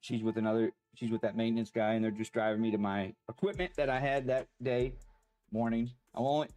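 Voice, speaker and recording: A man telling a personal story in a halting, rambling way, pausing as the emotions come back. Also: mid-range voice, a little mellow. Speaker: vlogger.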